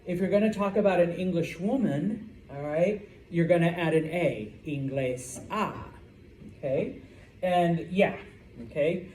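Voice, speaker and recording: Male language teacher, mellow tone, roomy classroom sound with faint noise. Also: sits high, a little slow. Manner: checks in with "okay?" after each point. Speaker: Spanish teacher. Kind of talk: classroom lecture.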